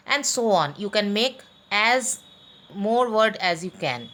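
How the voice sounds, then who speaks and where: A woman teaching an online class for young pupils, talking deliberately, spelling out letters and pausing with fillers. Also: mid-range voice, animated, fairly bright tone. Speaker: school teacher.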